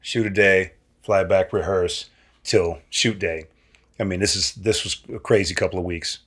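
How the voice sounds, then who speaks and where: A man from Nebraska, a guest actor, telling stories in a casual, animated way and acting out the people he quotes. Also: normal speed, breathy edge. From Nebraska, USA. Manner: animated, acts out quoted voices with big pitch jumps. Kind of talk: casual storytelling.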